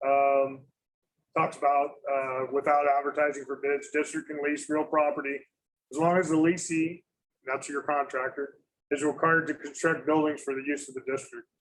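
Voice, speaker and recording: Halting man presenting at a meeting. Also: a little high, little pitch movement, slight background noise, rough recording. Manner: halting, many fillers and self-corrections. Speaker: school district facilities presenter.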